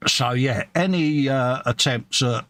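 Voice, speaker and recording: A man's voice: mid-range voice, slow, fairly bright tone, a little hiss or hum. A middle-aged man with a British accent, chatting casually and self-mockingly while building a model kit and reading out chat messages. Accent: British English. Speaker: co-host of a live modelling stream.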